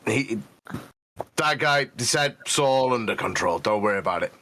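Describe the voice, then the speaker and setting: A man's voice: mid-range voice, animated, moderate pace, sharp tone, a little hiss or hum. A man playing in a tabletop game, chatting and joking in a mock-reassuring way. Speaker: player. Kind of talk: casual chat.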